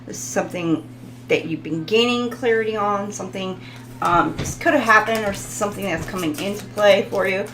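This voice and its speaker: A woman's voice: medium pitch, moderate pace, a bit bright, a little hiss or hum, poor audio. A woman hosting a casual live tarot reading, chatting with viewers, laughing often and stumbling over foreign words. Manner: talks to viewers in the chat.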